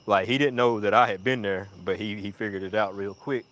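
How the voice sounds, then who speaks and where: A man telling a rambling, profane story in casual chat, acting out the other people in a high voice and dropping to a mutter when he reflects. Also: fairly even intonation, brisk, fairly bright tone. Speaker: storyteller on a live audio chat.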